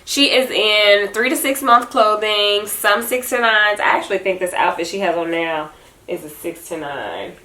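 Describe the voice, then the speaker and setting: A woman's voice: medium pitch, moderate pace, pushed and bright. A young adult woman talking casually about her baby in a vlog, chatty and breaking into sing-song baby talk at home. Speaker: vlogger and mother. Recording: echoey room.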